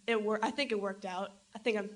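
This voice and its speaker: An eighteen-year-old woman speaking as a guest on a live podcast, hesitant and halting. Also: medium pitch, fairly even intonation. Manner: hesitant, halting, full of fillers. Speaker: audience guest.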